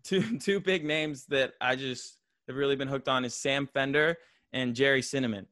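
A man's voice: medium pitch, normal speed, fairly bright tone, no echo, studio quality. A young man from Florida co-hosting a podcast, rambling with lots of fillers in casual chat. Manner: rambling, filler-heavy, laughs often. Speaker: podcast co-host.

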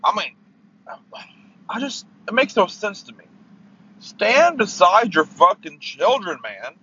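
A man's voice: sits high, very animated, takes it slowly, pushed and bright, husky, lo-fi sound. A man hosting his own podcast, ranting angrily about sports with heavy swearing and stammering, recorded in a parked car. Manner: profane, heated, stammering. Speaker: podcast host. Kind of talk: angry sports rant.

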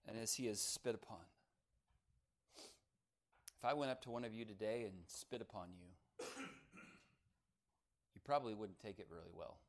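A man preaching a sermon, climbing loud on key phrases and dropping soft for emphasis, slowing down to stress words. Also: on the low side. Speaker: pastor.

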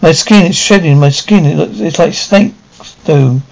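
A man reading the part of a greedy young woman slowly turning into a snake, pleading and faltering. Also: a little high, gravelly, a little mellow, poor audio.

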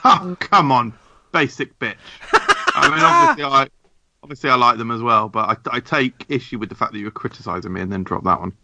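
A man's voice: mid-range voice, fast, heavy background noise. A man in a casual chat, teasing and blunt, swearing freely. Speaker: podcast co-host.

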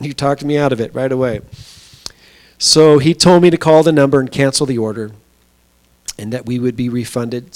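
A man giving a sermon at a small church, telling a story conversationally with pauses and fillers. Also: mid-range voice, gravelly, a little mellow. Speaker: pastor.

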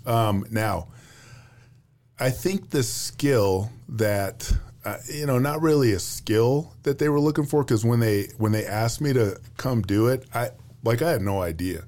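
A man in his fifties, a retiring Air Force general, telling stories in a relaxed, chatty way with lots of fillers and restarts. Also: medium pitch, unhurried. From United States. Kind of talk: casual storytelling interview.

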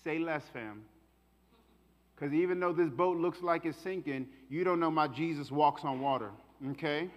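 A man's voice: fairly high pitch, moderate pace, hardly any pauses. A male pastor preaching a sermon in a passionate, casual, colloquial way, in a hall with a long echo.

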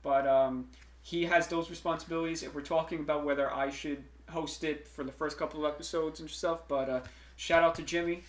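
Rambling podcast host in an echoey room. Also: male voice, a little high, fairly even intonation, fairly quick. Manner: rambling, lots of fillers and restarts. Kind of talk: casual chat. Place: room streamed live.

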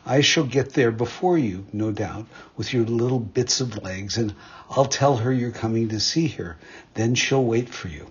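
A man voicing a sly, smooth-talking wolf who fakes a gentle voice. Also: mid-range voice, normal speed, highs cut off. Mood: coaxing. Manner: feigned gentle, coaxing.

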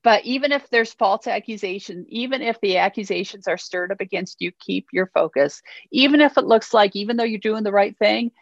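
A woman's voice: mid-range voice, fairly quick, vocal fry, hardly any pauses, no room sound. A woman preaching a sermon in an earnest, encouraging way, reading scripture aloud and checking in with listeners. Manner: earnest, encouraging, frequent "okay?" check-ins. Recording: slightly muffled, dry.

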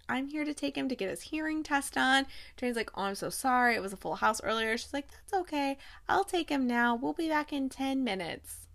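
A young woman casually recapping a TV season, retelling scenes with animated asides and quoting characters in a softer voice. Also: high-pitched. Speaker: podcast host recapping a TV show. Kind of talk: casual chat.

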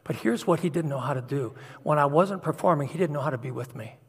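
Middle-aged guy preaching, kinda husky, voice ringing around a big church hall. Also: on the high side, quick pace. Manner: earnest, confessional storytelling. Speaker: pastor. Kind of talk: sermon. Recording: long hall reverb.

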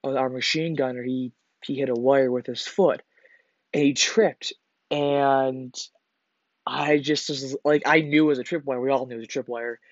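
A man's voice: medium pitch, fairly even intonation, normal speed, no room sound. Rambling, profane man telling a story. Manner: profane, rambling, lots of fillers and restarts. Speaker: podcast host. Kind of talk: casual personal storytelling. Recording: slightly dull lo-fi recording.

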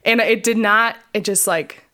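A woman's voice: mid-range voice, measured pace, bright, forceful tone. A young adult woman, a podcast co-host, casually telling her personal testimony in a chatty way, full of fillers and re-enacted quotes of her past self.

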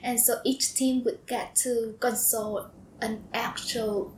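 Young woman, Vietnamese accent, slightly high voice, echoey room, faint background hum. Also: steady tone, slow, a little mellow. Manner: laughing often, hesitant with ums. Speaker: guest, former foreign student. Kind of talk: casual storytelling interview.

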